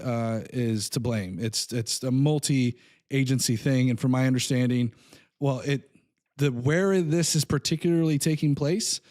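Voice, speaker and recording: A man's voice: mid-range voice, warm tone. A man hosting a live call-in stream, talking casually in a loose, rambling way and laughing often. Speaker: host.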